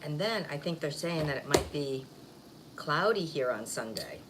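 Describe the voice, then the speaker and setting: A woman's voice: deep voice, lively intonation, moderate pace. A woman vlogger chatting casually while eating on camera, rambling and laughing easily. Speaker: mukbang vlogger. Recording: faint background noise.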